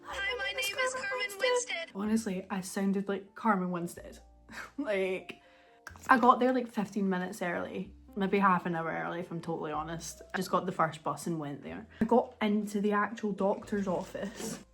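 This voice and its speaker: A woman's voice: mid-range voice, normal speed, fairly bright tone, soft background music. A young woman chatting casually at home for her vlog, rambling and self-mocking as she laughs her way through a story. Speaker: vlogger.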